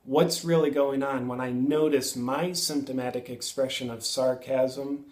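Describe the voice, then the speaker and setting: Guy in his 30s musing earnestly to camera, real slow, roomy echo. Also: mid-range voice, fairly even intonation, darkish tone. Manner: earnest, musing, with pauses and self-corrections. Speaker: self-help video host. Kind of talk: reflective monologue to camera.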